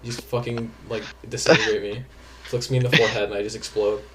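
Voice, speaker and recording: A man's voice: fairly low pitch, flat delivery, quick pace. Giggly rambling young man, podcast host. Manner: giggly, rambling, self-mocking. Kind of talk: casual chat.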